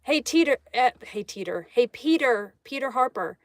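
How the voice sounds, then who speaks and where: A woman's voice: on the high side, expressive, moderate pace, dry recording, clean studio sound. Chatty woman hosting a live art stream. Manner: reads viewer comments aloud, friendly greetings. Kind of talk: casual live-stream chat while drawing.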